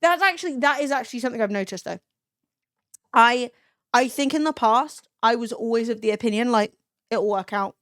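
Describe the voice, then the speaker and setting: Woman, thirties, casual stream chat, blunt and sweary, a little high, dry close mic. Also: a little fast, no echo. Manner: blunt and profane, chatty, with animated impressions.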